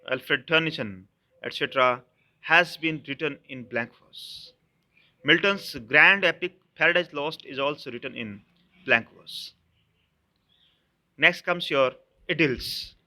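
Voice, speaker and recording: A man with an Indian English accent, a professor giving a recorded literature lecture, explaining slowly and repeating each term. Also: fairly high pitch, pushed and bright. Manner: addresses students as "dears".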